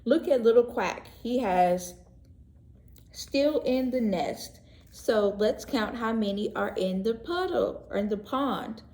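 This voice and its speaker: A woman teacher reading a picture book aloud to young children, gentle and expressive, pausing to ask questions and explain words. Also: mid-range voice. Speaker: pre-K teacher. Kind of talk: read-aloud story lesson for young children. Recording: echoey room.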